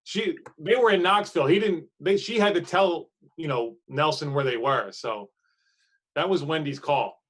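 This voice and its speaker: Guy cohost on a tv recap, kinda higher voice, says yeah a lot. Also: normal speed, a bit bright. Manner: chatty, agreeable, quotes scenes. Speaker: aftershow co-host. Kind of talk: casual TV recap chat.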